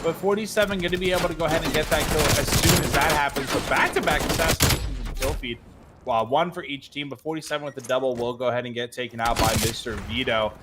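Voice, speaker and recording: A man doing fast, excitable play-by-play commentary on an esports match. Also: fairly high pitch, very noisy. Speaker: esports caster. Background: game gunfire and clicks.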